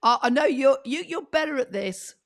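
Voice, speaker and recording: A middle-aged woman co-hosting a podcast, chatting and laughing with a husky, fading voice. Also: high-pitched, expressive, normal speed. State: losing her voice, husky. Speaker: podcast co-host. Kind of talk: casual chat.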